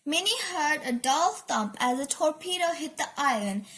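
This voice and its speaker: A woman reading a children's storybook aloud, expressive, with asides about the pictures. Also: high voice, normal speed.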